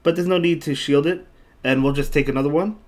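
This game streamer talks fast in a slightly high voice while narrating his online fights live. Between moves he chats with his audience, reads out their messages, thanks them, and says the same things more than once.

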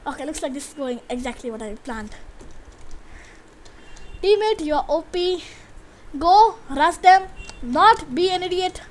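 Very high-pitched excitable woman gamer. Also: a little slow, long pauses, a little hiss or hum. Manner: excitable trash-talk, yelling at opponents. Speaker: gamer commentator. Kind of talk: live gameplay commentary.

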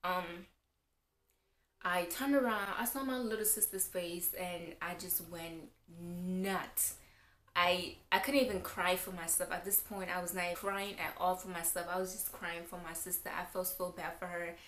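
A woman's voice: fairly low pitch, fairly even intonation, unhurried, a bit bright. A young woman vlogger telling a personal story in a rambling way, with lots of fillers. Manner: rambling, filler-heavy retelling. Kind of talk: casual storytime. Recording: roomy echo.

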